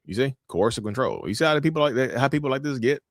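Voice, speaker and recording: A man chats casually on a livestream, reacting to viewer comments bluntly and emphatically and repeating phrases for effect. His medium-pitched voice is animated and fast, recorded at studio quality with no room sound.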